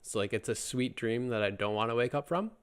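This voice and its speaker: A man's voice: medium pitch, lively intonation, fairly quick, smooth, soft background music. A man giving a casual, chatty language lesson, joking and circling back with lots of fillers and restarts. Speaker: Korean language teacher.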